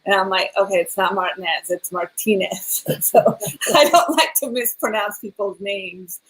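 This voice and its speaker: A woman co-hosts a relaxed interview show in a chatty way, often breaking into laughter. Her voice sits at a middle pitch for a woman. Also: moderate pace, rough recording. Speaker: talk show co-host. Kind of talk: casual video-call interview.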